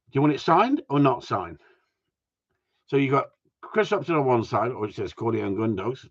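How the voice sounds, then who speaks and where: A man with a husky, mid-range voice hosts a gundog group live stream in a casual, jokey way. He teases viewers and reads their comments aloud, and the audio is dull and lo-fi.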